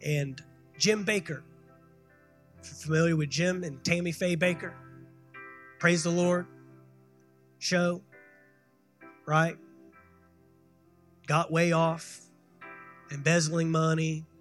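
A pastor preaching a sermon, building to loud emphatic peaks and calling for the congregation to respond. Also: male voice, fairly high pitch, steady tone, slow pace, pauses often, soft background music. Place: church sanctuary.

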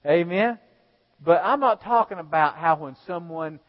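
A male pastor preaching a sermon, swinging between loud exhortation and hushed storytelling. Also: fairly high pitch, lively intonation, unhurried. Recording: dull lo-fi sound.

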